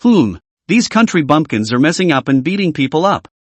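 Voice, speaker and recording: A male narrator reading a comic recap with a lively, swinging pitch and a fairly high voice for a man. The sound is dry and close, with no room around it. He reads the dialogue and the narration alike in one steady voice. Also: brisk, dry recording.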